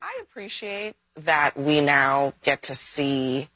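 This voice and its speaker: A woman speaking on a panel discussion in a measured, deliberate way. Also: low-pitched, animated, fairly bright tone, breathy edge, no echo, rough recording.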